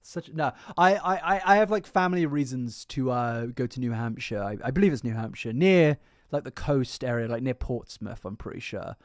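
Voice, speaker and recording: A man's voice: medium pitch, expressive, normal speed, no room sound, studio quality. A man chatting casually on his livestream, rambling, swearing freely and mocking himself. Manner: rambling, profane, self-mocking.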